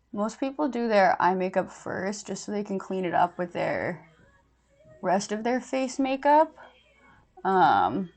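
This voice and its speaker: Casting: young woman, chatty and giggly, streaming her makeup routine in casual chat. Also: mid-range voice. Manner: chatty, giggly, lots of fillers.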